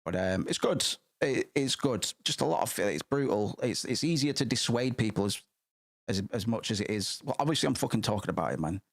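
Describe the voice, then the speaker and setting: A man's voice: mid-range voice, expressive, fairly quick, creaky. A man streaming, chatting casually and rambling, swearing freely with many restarts.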